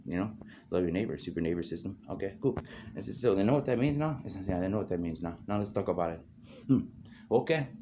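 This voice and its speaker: Rambling man over a noisy background. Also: low voice. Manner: loose free-associating talk, constant "you know" and "man" fillers. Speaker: host. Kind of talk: rambling casual monologue.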